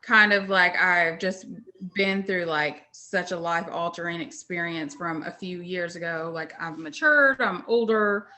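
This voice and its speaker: A woman's voice: lowish voice, pushed and bright. A woman in her mid-thirties, sharing reflectively in a workshop over a video call with fillers like "um" and "like". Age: 30s. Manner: measured, fillers like "um" and "like". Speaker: workshop participant.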